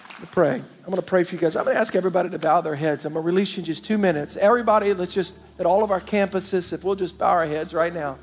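A man with a high, gravelly voice preaches a lively sermon and talks straight to his congregation. His voice carries a long reverb from a big church hall. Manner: animated preaching, direct address to the congregation. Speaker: pastor. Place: large church auditorium.

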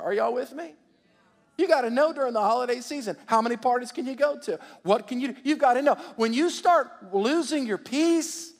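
A man with a high, gravelly voice preaches in a call-and-response style, often repeating himself and prompting the congregation to answer. His voice carries a long reverb from the church hall around him. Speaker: pastor. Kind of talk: sermon. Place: church sanctuary.

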